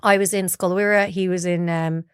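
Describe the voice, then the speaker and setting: A woman's voice: fairly low pitch, steady tone, normal speed, clear, resonant tone, no echo, studio quality. An Irish woman from Galway, a broadcaster guest telling chatty stories about her life and acting out quoted dialogue. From Ireland, Galway. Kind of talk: casual storytelling interview.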